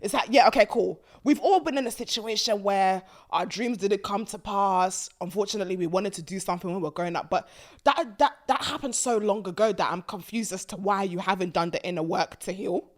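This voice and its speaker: A woman, hosting a casual talk about a reality TV show, animated and mocking as she acts out the people she talks about. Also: mid-range voice, fairly quick. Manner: animated, mocking, quotes people in put-on voices. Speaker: host.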